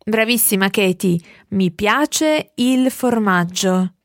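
Female co-tutor: mid pitch, slow, gentle corrections. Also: no echo, studio quality. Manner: gentle correcting, warm praise. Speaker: language tutor. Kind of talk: language lesson.

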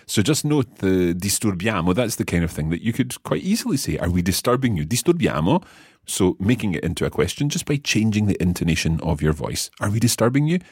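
A man's voice: sits low, lively intonation, fairly quick, hardly any pauses, slightly rough, no room sound, clean studio sound. A man teaching a podcast language lesson, explaining patiently step by step and quizzing his learner.

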